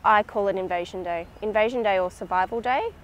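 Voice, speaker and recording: A woman, speaking in a measured, reflective way in a documentary interview. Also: medium pitch, muffled recording. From Australia.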